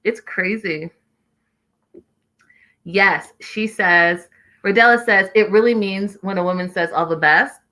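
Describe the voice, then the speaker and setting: A woman hosting a show, recapping episodes in an animated, exclaiming way and acting out what people said. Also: mid-range voice, slow pace, pauses often. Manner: expressive, exclaiming, acting out quotes. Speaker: podcast host recapping a reality show.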